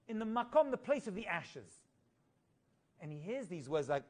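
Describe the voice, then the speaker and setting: A middle-aged male rabbi telling stories in an animated Torah class, singing quoted Hebrew phrases and adding humorous asides. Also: high voice, moderate pace.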